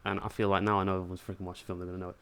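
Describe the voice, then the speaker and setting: A man with a lowish voice hosts a casual podcast quiz. He reads questions loosely and laughs along with the panel. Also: level tone, rapid-fire, creaky, a bit bright. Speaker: quiz host.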